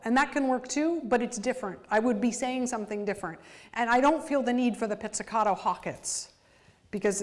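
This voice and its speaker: Woman, higher register, composer-lecturer; animated, exacting, vocalizes rhythms as syllables. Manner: sings rhythms out in syllables to illustrate music; animated, detail-focused explanation. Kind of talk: university lecture.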